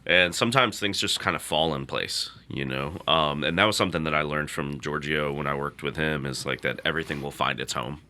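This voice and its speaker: A man who is a chef, talking as a podcast guest in a relaxed, thoughtful way. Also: a bass voice, brisk, few pauses. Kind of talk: casual interview chat.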